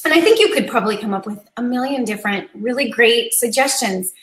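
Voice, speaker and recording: A woman's voice: a little high, lively intonation, fairly quick. A woman in her thirties hosting a casual live-stream chat, earnest and chatty, laughing easily and getting teary. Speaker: host of a live coffee chat. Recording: echoey room.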